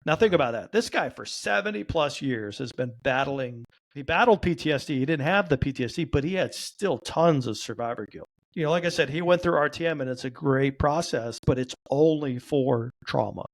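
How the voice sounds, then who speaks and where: A man, a guest on a podcast, telling a story in animated fashion and acting out the dialogue he quotes. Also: medium pitch, brisk, hardly any pauses. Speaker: guest, trauma therapy practitioner.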